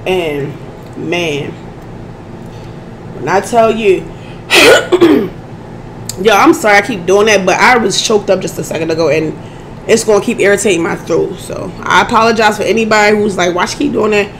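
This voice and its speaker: A hoarse woman vlogger chatting casually to her viewers as she eats, often clearing her throat. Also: mid-range voice, moderate pace, slight background noise. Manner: chatty, addresses audience as y'all, keeps clearing her throat. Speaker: mukbang vlogger. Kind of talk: casual eating chat to viewers.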